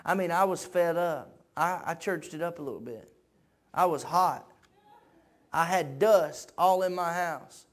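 A man preaching a sermon, moving from quiet conversational talk up to shouted peaks, repeating phrases in a preacher's cadence. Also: a little high, a little slow. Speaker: pastor.

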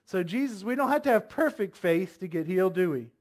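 A man's voice: high voice, expressive, a little fast. A man preaching a sermon, reading scripture aloud, firmly voicing commands and asking the congregation many questions. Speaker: pastor.

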